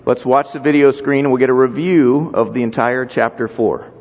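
A man's voice: mid-range voice, steady tone, moderate pace, darkish tone, lo-fi sound. Man preaching in a reverberant hall. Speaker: pastor. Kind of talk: sermon.

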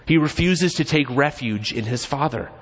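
A man's voice: mid-range voice, lively intonation, moderate pace. A man preaching a casual, joking, conversational sermon in a church sanctuary. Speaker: pastor. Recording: long reverb in a church hall.

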